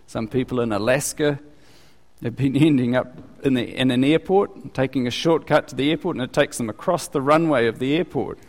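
A man preaching a sermon as pastor in a conversational, animated way, his voice climbing when he acts out questions. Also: fairly quick. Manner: conversational, animated, rising in pitch for quoted questions. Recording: long reverb of a large hall.

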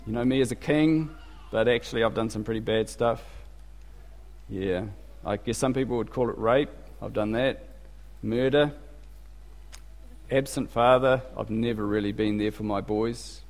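A man acts out a king admitting terrible deeds in a flat, offhand way. His voice stays low and quiet. A long reverb fills the church. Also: moderate pace, natural voice. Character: King David, a man confessing grave sins.

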